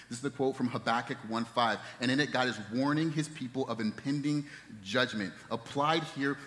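A man in his thirties preaches a sermon to his congregation, his mid-pitched voice ringing out with a long church-hall reverb. He tells stories and lets his voice fall soft and hushed at the tender moments. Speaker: pastor. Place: church sanctuary.

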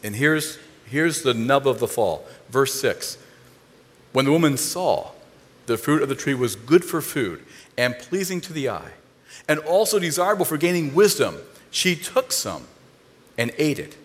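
Lively preaching man in a reverberant hall. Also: mid-range voice, a little slow. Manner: animated, joking storyteller. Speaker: pastor. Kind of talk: sermon.

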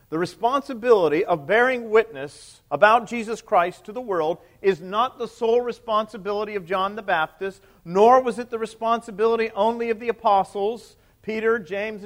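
A man, a priest, preaching a sermon in a conversational way, asking the congregation questions and dropping to a quiet low voice at the end of quoted lines.

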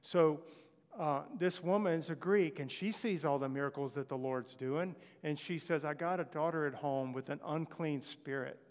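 A man preaching with a slightly raised voice, telling scripture stories in an animated way. His voice rings out with a long reverb, as if he is in a large church hall. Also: on the high side, moderate pace. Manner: animated storytelling, voicing quoted scripture figures. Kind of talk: sermon.

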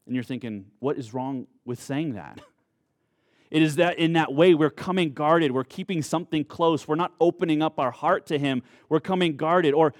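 A man preaching a sermon in an earnest way, drawing out key words in slow, emphatic phrases. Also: on the high side, dry recording, studio quality. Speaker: pastor.

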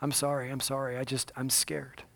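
Scared pleading woman stuck in floodwater, as a preacher puts her on, apologetic, bright and forceful. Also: sits high, quick pace, smooth. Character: frightened middle-aged woman trapped in a flooding car. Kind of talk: sermon storytelling.

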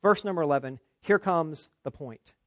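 A male pastor delivers an emphatic expository sermon, his fairly high voice pushing up on key points and sinking low for quiet asides. The sound is dry and close. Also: moderate pace, dry recording. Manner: emphatic, rising for stress, dropping low for asides.

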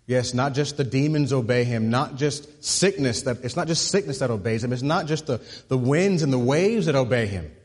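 A male pastor preaching a sermon, repeating words as he builds to a point and dropping low and soft on key phrases. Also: lively intonation, moderate pace, few pauses. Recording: husky voice with long hall reverb.

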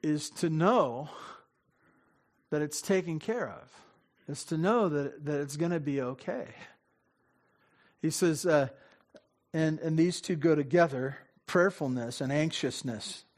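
Slow and pausing often, a man with a voice on the high side preaches conversationally as a pastor. He stops mid-thought, laughs often, acts out small dialogues and directs questions straight at his listeners.

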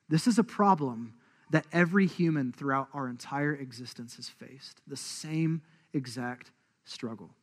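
A man preaching a sermon, animated and acting out the voices of the people in his story. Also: on the high side, unhurried. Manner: animated, acts out quoted voices. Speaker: pastor.

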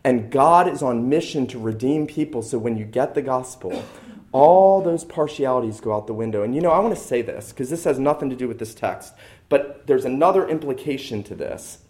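A man's voice: mid-range voice, animated, fairly quick, a little mellow. A man preaching a sermon as a pastor, emphatic and repeating key lines for stress.

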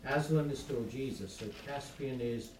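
A man's voice: medium pitch, moderate pace, a little mellow. A man in a class asking a tentative question, searching for words. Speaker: class member. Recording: roomy and distant, faint background noise.

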